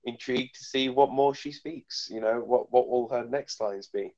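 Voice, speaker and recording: A young man co-hosting a fan livestream, thinking aloud in halting phrases and often starting over. His voice is at an ordinary pitch. The sound is dull and lo-fi. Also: a little mellow. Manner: hesitant, halting, many restarts. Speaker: co-host. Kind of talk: casual fan chat.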